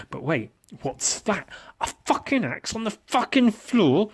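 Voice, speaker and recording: A man's voice: high-pitched, big pitch swings, measured pace, breathy edge. A man hosting a podcast, narrating playfully with lots of swearing and mouth-made sound effects. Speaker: podcast host and miniature painter.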